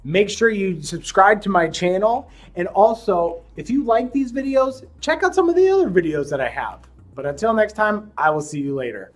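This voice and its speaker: A man teaching young children to read, encouraging them as he sounds out letters slowly and deliberately. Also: high-pitched, animated. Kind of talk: classroom lesson for young children.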